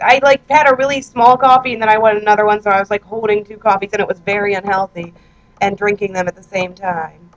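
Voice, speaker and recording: A woman's voice: medium pitch, fairly even intonation, a little fast, poor audio. A woman in her twenties, a vlogger chatting casually and self-mockingly at home, reading out her own posts into a handheld recorder. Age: 20s. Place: her apartment, indoors.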